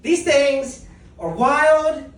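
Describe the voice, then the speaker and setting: A woman's voice: sits high, expressive, extremely slow, recorded from a distance. Self-mocking woman doing stand-up in an echoey club. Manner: casual, self-mocking, laughs at own jokes. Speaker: stand-up comedian. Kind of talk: stand-up comedy set. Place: comedy club stage. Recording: echoey club recorded from afar.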